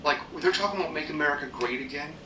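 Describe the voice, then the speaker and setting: A man's voice: on the high side, racing, background noise. Rambling man in an echoey room. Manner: rambling, self-deprecating, many fillers. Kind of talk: casual rambling vlog rant. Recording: echoey room, mic at a distance.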